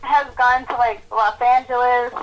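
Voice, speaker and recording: A woman's voice: on the high side, fairly even intonation, unhurried, poor audio. A young woman co-hosting a podcast in casual chat, talking freely with lots of fillers. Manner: chatty, lots of "like". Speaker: podcast co-host.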